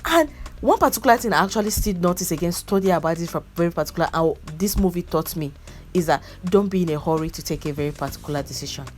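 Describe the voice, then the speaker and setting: A woman's voice: fairly low pitch, animated, fast talker, slight background noise. A woman, earnestly giving life advice in a casual vlog about a movie, repeating her points for emphasis. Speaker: movie reviewer vlogger.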